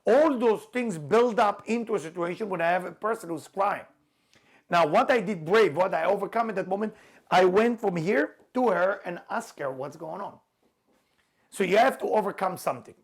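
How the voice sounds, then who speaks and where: A man's voice: high-pitched, expressive, moderate pace, slightly rough. A middle-aged man teaching a spiritual class, emphatic, repeating key words and stretching them out, with non-native phrasing. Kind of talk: lecturing a class.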